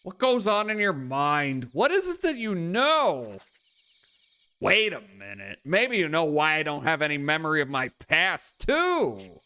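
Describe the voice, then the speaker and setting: A man's voice: a little high, wildly swooping pitch, measured pace, bright, forceful tone, smooth, no echo, heavily acted. A man reading the lines of a brash, aloof young male drifter from a video game, curt and dismissive. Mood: wary.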